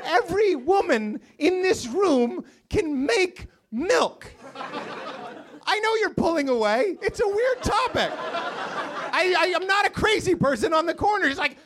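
High-voiced man doing loud stand-up. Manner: loud, swings from shouting to low mumbling. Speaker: stand-up comedian. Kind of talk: stand-up set. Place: comedy club with live audience. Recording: live crowd laughing. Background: audience laughter.

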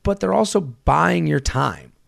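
A man hosting a comedy podcast, telling animated stories in casual, swearing chat. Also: a little high, unhurried, gravelly, no room sound, studio quality. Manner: animated storytelling, swearing, acting out quotes. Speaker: podcast host.

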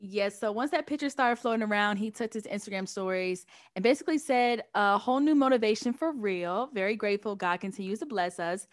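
A woman co-hosting a podcast, chatting in a relaxed, easygoing way. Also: medium pitch, fairly quick, few pauses. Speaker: podcast co-host. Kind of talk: casual podcast chat.

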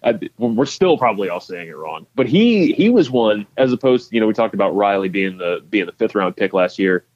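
A man with a fairly low voice talks through baseball prospects in loose podcast chat. He rambles a bit, restarting sentences and filling pauses. The audio sounds dull and lo-fi. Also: very animated, darkish tone. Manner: rambling, many restarts and fillers. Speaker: podcast co-host. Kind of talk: casual sports chat.

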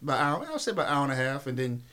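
A man's voice: medium pitch, very animated, rapid-fire, pushed and bright. A man who works as a private chef, talking casually in an interview and rambling and repeating himself as he explains his work.

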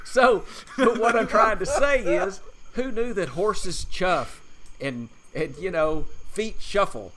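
A man's voice: sits high, animated, slow, crowd noise. An older man co-hosting a casual chat, rambling and self-deprecating and chuckling as he goes. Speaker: podcast co-host, father.

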